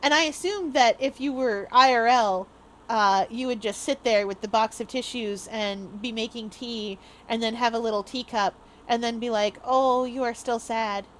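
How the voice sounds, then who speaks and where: A woman's voice: fairly high pitch, normal speed, a little hiss or hum. A woman streamer chatting casually with her viewers, bubbly and rambling, laughing often. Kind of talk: casual live-stream chat.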